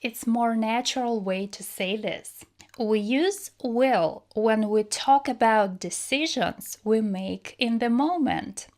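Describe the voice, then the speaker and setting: Slow, clear woman teaching grammar. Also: fairly high pitch, a little mellow. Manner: slow, clear explanations with acted example phrases. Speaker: English teacher. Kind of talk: grammar lesson.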